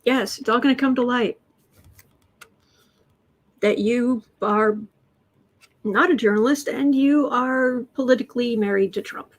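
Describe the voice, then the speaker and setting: A woman's voice: a little high, unhurried, long pauses. A woman hosting a tarot livestream, chatting casually, telling anecdotes and reading out viewer comments. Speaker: tarot reader and livestream host.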